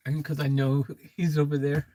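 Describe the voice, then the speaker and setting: A man's voice: on the high side, flat delivery, normal speed, warm tone. A man chatting casually to camera from inside his parked van at night, rambling loosely. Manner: rambling, loose, peppered with filler phrases. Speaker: van life vlogger. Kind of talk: casual vlog chat to camera.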